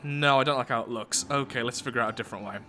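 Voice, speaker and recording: A man's voice: mid-range voice, very fast, over music. A man commenting casually on his own gameplay as he builds, thinking aloud in a chatty, self-mocking way. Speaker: let's play gameplay host.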